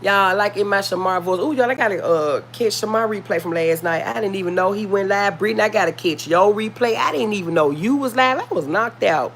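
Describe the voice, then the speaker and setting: A woman's voice: mid-range voice, a little fast, hardly any pauses, slight background noise. A woman with a Memphis Southern accent, chatting casually with her livestream viewers and often calling them y'all. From Memphis, Tennessee. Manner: earnest, warning tone. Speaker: livestream host.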